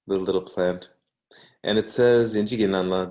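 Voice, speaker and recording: Man, Canadian English accent, deep voice, casual read-aloud lesson, self-correcting. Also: steady tone, darkish tone. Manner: slow, unhurried, with frequent ums and self-corrections. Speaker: teacher reading a book aloud.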